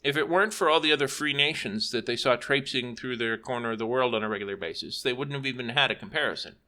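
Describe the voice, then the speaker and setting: Male narrator for a fantasy read-aloud, bright tone, casual unpolished delivery with restarts. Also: mid-range voice, fast. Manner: unpolished reading with slips and self-corrections. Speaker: audiobook narrator. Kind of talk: reading fantasy fiction aloud.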